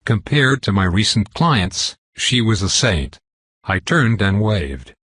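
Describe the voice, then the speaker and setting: Husky, low male storyteller, even plain reading, dry close sound. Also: takes it slowly, no echo. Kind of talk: scripted narration.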